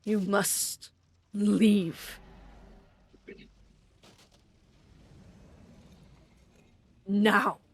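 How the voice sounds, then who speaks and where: A woman's voice: medium pitch, flat delivery, extremely slow, husky, exaggerated voice. A woman voicing a sick, dying male dragon who was once proud and gives strained, snarling warnings. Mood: urgent.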